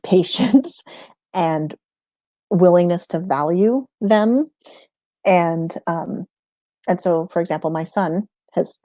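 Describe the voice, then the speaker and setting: A woman's voice: fairly low pitch, mellow, dry recording. A woman in a casual livestream chat, answering viewer questions about homeschooling, rambling and laughing often mid-sentence.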